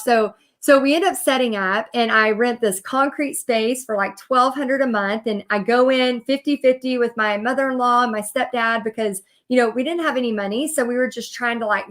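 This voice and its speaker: Chatty woman telling her story. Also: on the high side. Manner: chatty, animated storytelling with many fillers. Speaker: business coach. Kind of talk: live video talk. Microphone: computer or phone mic on a live video.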